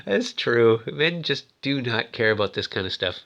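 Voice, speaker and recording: A man in his fifties rambling excitedly as he retells a movie plot in casual chat. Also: a little high, normal speed, few pauses. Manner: rambling, excitable, lots of fillers. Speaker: movie toy reviewer.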